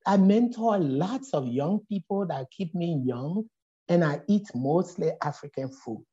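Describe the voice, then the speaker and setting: A woman's voice: lowish voice, unhurried. A middle-aged woman from Liberia with a Liberian accent, a poet telling a story as a guest in a conversation and acting out the voices in it. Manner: animated, acts out voices in her stories. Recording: dull lo-fi audio.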